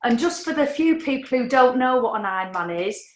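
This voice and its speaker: A woman's voice: fairly high pitch, expressive, brisk. Chatty, frank woman. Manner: chatty, frank, swears casually. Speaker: podcast guest. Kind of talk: candid storytelling. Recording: echoey room.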